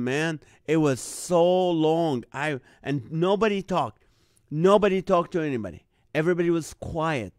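Telling a comic story on the live online show he hosts, a man from the Middle East acts out other people's lines in an animated, jumped-up voice. His voice is a little high, and the recording is dry, with clean studio sound.

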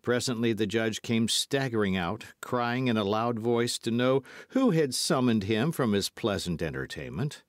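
A man narrating an audiobook with lively, dramatic storytelling. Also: mid-range voice, moderate pace, hardly any pauses, no echo, studio quality. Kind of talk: scripted narration.

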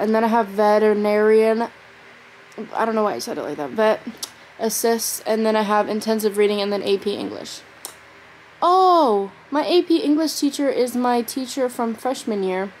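A woman's voice: on the high side, a little hiss or hum, low-quality recording. A teenage girl vlogging at home on her phone camera, exhausted and rambling with lots of fillers. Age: teens. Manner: rambling, tired, filler-heavy talk. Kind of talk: casual vlog chat.

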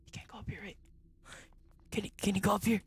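A young man streaming a horror game, jumpy and excitable, who repeats himself in slangy bursts and drops to a whisper when tense. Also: high voice, quick pace, creaky, a little hiss or hum. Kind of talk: live gaming commentary.

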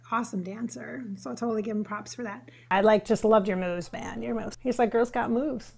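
A woman's voice: fairly high pitch, gravelly, darkish tone. A middle-aged woman, a psychic vlogger, gushing and giggling as she talks to the camera with lots of fillers. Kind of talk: gushing casual talk to camera.

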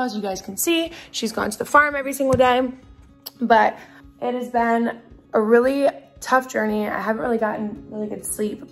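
High-voiced woman vlogger gushing over a puppy. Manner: chatty, with gushing baby talk to a puppy. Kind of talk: casual vlog chat. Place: outdoors on a farm and at home.

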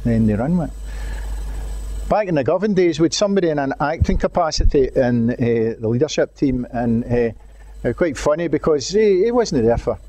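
A man's voice: on the high side, dark tone. An older Glaswegian man, a former head teacher, telling anecdotes and urging his audience in a talk. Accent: Scottish, Glaswegian. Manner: storytelling, acts out quotes, urging.

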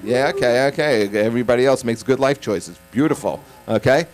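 A stand-up comic from Staten Island, delivering a punchy set with quick asides, then chatting casually in an interview. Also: male voice, mid-range voice, faint music behind, low-quality recording. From Staten Island, New York.

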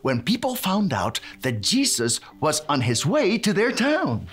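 A woman's voice: low voice, huge pitch swings, unhurried, soft background music, heavily acted. A woman playing a cheerful handyman who teaches a children's Bible lesson, cheering and tossing in Spanish words.

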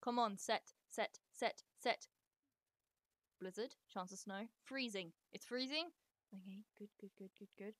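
A woman casually commenting while she streams a life-sim game, chatty and sweary, talking to her characters and breaking into excited squeals. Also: mid-range voice, unhurried, no echo. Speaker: live streamer.

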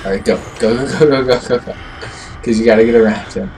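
A man co-hosting a gameplay video, excitable and swearing as he barks quick directions. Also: medium pitch, recorded from a distance. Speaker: gameplay co-host. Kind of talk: casual gaming commentary.

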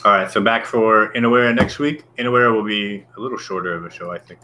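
A man's voice: lowish voice, quick pace, pushed and bright, slight background noise. A man co-hosting a casual show, talking bluntly and swearing constantly as he rants. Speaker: show co-host. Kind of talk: casual profane chat.

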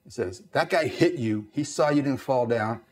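A middle-aged Navy veteran from East Los Angeles tells stories casually in a mid-range voice at normal speed. He is animated, uses many fillers, and acts out the voices of the people he quotes.

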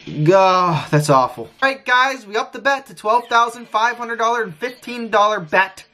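A man streaming a casino session, frustrated, talking excitedly and repeating his pleas to the wheel. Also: sits high, moderate pace. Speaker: gambling streamer. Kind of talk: live casino session commentary.

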